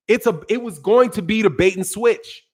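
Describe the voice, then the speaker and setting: High-voiced man ranting emphatically. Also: normal speed. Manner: emphatic, repeats points for stress. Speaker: boxing channel host. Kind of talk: live-stream commentary reading viewer chats.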